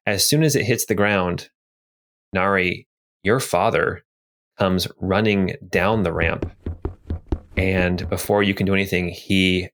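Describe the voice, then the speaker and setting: A man narrating a tabletop game as game master, relaxed, with many ums and restarts. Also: sits low.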